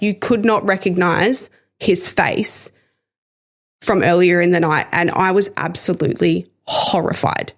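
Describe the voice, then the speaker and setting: A woman's voice: lowish voice, a little slow. A woman, hosting a podcast and candidly telling a painful personal story, emotional and swearing at times. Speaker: podcast host sharing her story.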